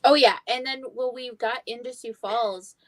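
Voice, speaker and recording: A young woman hosting a livestream tells stories in casual, chatty fashion, swearing freely and acting out what people said. Her voice is a little high, steady and fairly bright, at normal speed, on a dry recording.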